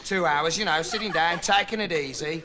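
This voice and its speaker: Rambling deadpan man, audience laughter. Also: moderate pace, crowd noise. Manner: rambling, flat, puts on high voices for quoted people. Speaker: comic reporter character host. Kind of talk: deadpan comic monologue to camera. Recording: studio audience laughter, noisy old tape.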